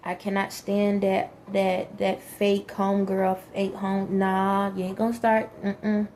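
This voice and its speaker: A woman's voice: mid-range voice, completely flat delivery, takes it slowly, darkish tone, a little hiss or hum. A woman talking frankly and emphatically in a casual monologue, with many fillers. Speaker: vlogger.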